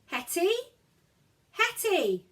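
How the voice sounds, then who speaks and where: A woman's voice: high-pitched, sing-song, normal speed, a bit bright, distant mic, pitched above the performer's own voice. Woman reader as kind older brother figure; coaxing, earnest, storybook boy.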